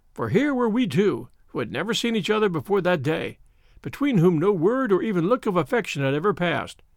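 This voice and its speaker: A man narrates a classic story in an expressive, dramatic audiobook style. His voice sits fairly high and moves a lot in pitch. The recording is close and dry. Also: gravelly, dry recording.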